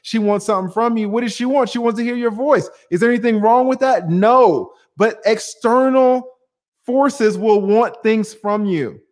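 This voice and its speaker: Man, high voice, livestream host, emphatic, rhetorical questions, casual swearing. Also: normal speed, a little mellow. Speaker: channel host answering viewer comments. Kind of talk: livestream commentary.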